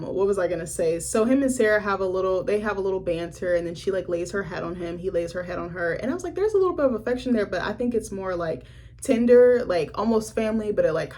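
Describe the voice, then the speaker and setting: Animated, husky-voiced young woman recapping a film. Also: fairly low pitch. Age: young adult. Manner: animated storytelling with profanity and laughter. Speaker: film reviewer.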